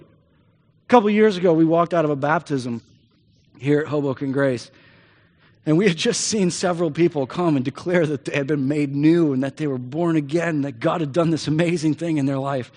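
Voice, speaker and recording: High-voiced guy preaching, super animated, lots of church reverb. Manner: animated storytelling with quick put-on voices. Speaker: pastor. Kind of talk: sermon.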